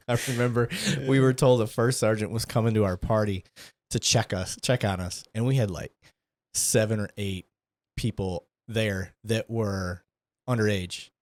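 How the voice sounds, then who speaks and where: A man from Michigan with a fairly low voice hosts a podcast, relaxed and joking, laughing as he talks. The sound is dry and close. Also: unhurried, dry recording. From Flint, Michigan. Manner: joking, chatty, laughs often. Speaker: podcast host, former military. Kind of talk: casual conversation.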